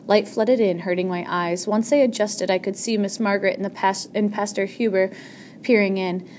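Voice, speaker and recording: A woman's voice: mid-range voice, fairly even intonation, normal speed, a little mellow, a little hiss or hum. A woman narrating an audiobook chapter in the first person, reading steadily with a few small slips.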